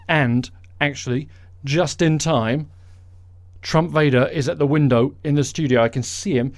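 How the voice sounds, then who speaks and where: A man's voice: a little high, measured pace, dry recording. Male host, sarcastic comedic monologue, dry close sound. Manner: sarcastic, mocking. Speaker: podcast host.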